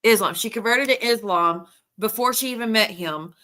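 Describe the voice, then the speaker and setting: A woman hosting a stream, retelling gossip in a rambling, animated way with many restarts. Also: fairly high pitch, moderate pace. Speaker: livestream host. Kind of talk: casual gossip chat.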